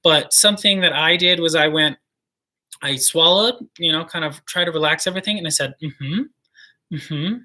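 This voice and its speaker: A young man co-hosting a casual livestream chat about singing, talking in an enthusiastic, chatty way with quick asides. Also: fairly high pitch, sharp tone. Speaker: co-host of a singing channel.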